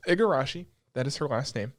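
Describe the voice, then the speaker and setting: Animated, swearing young male podcast host. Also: medium pitch. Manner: animated, swears freely, quick asides. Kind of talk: casual anime review chat.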